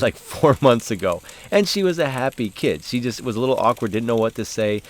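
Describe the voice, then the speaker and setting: A man hosting a casual devotional talk, telling a story with fillers, then slowing down and softening to make reflective points. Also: medium pitch, animated. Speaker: host and Bible study leader.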